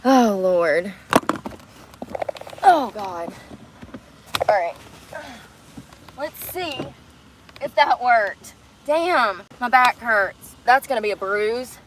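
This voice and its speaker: A woman's voice: on the high side, animated, slow, long pauses, fairly bright tone, poor audio. A woman chatting on a livestream around a car, rambling, giggling and cursing, breathless from effort. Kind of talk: casual livestream chat.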